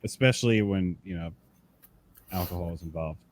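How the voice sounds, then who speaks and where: A man with a fairly low voice tells rowdy road stories in relaxed conversation. He swears freely and jumps into the voices of the people in his stories. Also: moderate pace. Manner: animated storyteller, swears freely, acts out voices. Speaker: podcast guest, tattoo artist. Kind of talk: casual chat, telling tour stories.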